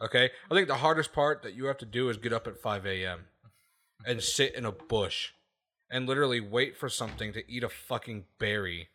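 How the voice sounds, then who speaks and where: A man with a brisk, sharp, medium-pitched voice hosts a casual podcast, ranting emphatically. He swears a lot, keeps checking in with "okay?", and laughs at his own points.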